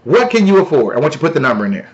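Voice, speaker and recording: Loud playful man hosting a live stream. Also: fairly high pitch, very animated, very fast, highs cut off. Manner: loud, playful, talks to chat. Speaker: livestream host. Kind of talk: casual live stream pitch.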